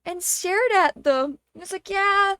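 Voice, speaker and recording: A young woman streamer casually telling a story to her chat, exasperated and animated, with swearing and fillers. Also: high voice, slow, no room sound. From Canada.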